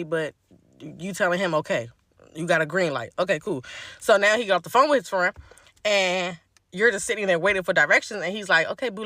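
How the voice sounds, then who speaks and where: Animated woman telling a storytime. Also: medium pitch, no room sound, clean studio sound. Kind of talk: casual storytime.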